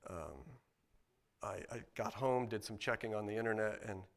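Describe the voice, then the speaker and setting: A man's voice: fairly low pitch, moderate pace, creaky. Middle-aged man giving a rambling church testimony. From Ohio, United States. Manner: rambling, with many restarts and filler words. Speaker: guest speaker at church service. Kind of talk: personal testimony in a church service.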